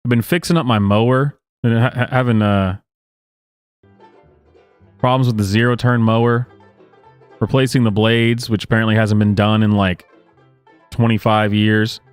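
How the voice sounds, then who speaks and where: A man's voice: on the low side, fairly even intonation, normal speed, pauses often, clean tone, no echo, faint music behind. A man hosting a reaction show, sighing and rambling in exasperated commentary. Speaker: host reacting to clips.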